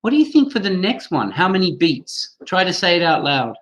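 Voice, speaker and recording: A man's voice: high-pitched, sing-song, a little fast, fairly bright tone, rough recording. Enthusiastic man teaching a webinar. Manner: enthusiastic, addresses attendees by name, models pronunciation aloud. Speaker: teacher trainer hosting a webinar.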